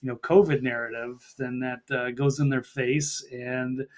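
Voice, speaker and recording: A man's voice: medium pitch, fairly even intonation, a little slow, a little mellow. Easygoing, hesitant male journalist guest. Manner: easygoing, hesitant, trailing off often. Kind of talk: casual talk show discussion.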